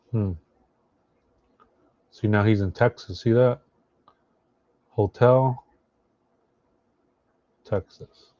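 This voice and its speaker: Low-voiced man thinking aloud, dull lo-fi. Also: mellow, no echo. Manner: thinks aloud, halting with fillers and restarts. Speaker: streamer reacting to social media posts. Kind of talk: casual live commentary.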